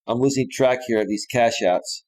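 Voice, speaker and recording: A man's voice: medium pitch, normal speed, darkish tone. A man hosting a live stream, casually chatting and reading out viewer comments and donations. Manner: laid-back, says "bro" and "man" often.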